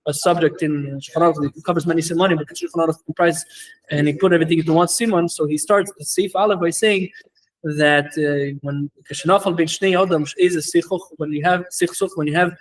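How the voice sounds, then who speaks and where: A man teaching a Torah class as a rabbi, talking quickly with many fillers and restarts and mixing in Hebrew and Yiddish terms. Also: a little high, fairly even intonation, poor audio. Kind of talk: lecture.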